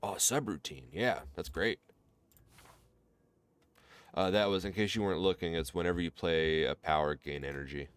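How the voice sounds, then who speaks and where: Low-voiced Midwestern man narrating a card game. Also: moderate pace, long pauses, clear, resonant tone. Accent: American Midwest. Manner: thinks aloud, explains card choices to viewers. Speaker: gameplay commentator. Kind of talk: relaxed let's-play commentary.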